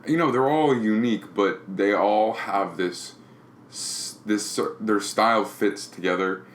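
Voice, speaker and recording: Man, very low voice, podcast co-host, casual chat, opinionated, critical, echoey recording. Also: a little slow, a little hiss or hum.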